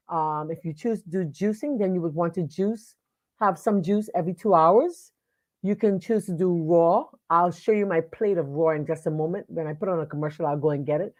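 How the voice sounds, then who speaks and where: A woman with a slightly low voice hosts a live online show from her computer. She talks in a casual, chatty way, stopping to greet viewers by name, with plenty of fillers and restarts. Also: a little mellow. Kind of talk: casual live-stream talk. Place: home studio at a computer.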